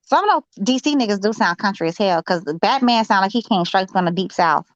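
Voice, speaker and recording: A woman's voice: mid-range voice, animated, a little fast, no room sound. Blunt woman on a dull, dry mic. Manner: blunt, opinionated, salty. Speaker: podcast co-host. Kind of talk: casual sports chat.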